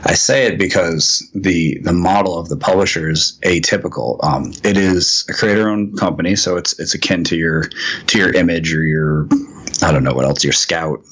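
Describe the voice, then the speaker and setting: A man's voice: low voice, moderate pace, a bit bright, husky. A man, a comics writer, telling a long anecdote as a podcast guest, rambling with frequent ums and restarts. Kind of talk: casual storytelling in a podcast interview.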